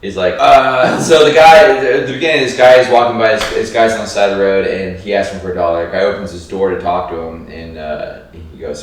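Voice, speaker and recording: A man's voice: low-pitched, fairly quick, far from the mic, slight background noise. A man co-hosting a comedy podcast, chatting casually and stumbling through restarts as he tells a joke. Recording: echoey room, off-mic.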